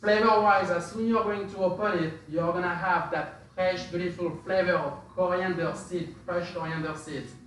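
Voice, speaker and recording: Male spice presenter, slightly high, hesitant and filler-heavy; very echoey, distant recording. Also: fairly even intonation, normal speed, few pauses, fairly bright tone, a little hiss or hum. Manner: hesitant, many fillers and restarts. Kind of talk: casual explanatory talk. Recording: very echoey room, distant from mic.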